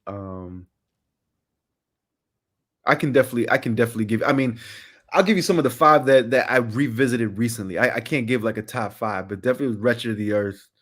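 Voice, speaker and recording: A man's voice: medium pitch, fairly quick, fairly bright tone. A middle-aged man speaking as a podcast guest in casual chat, passionate, repeating phrases for emphasis.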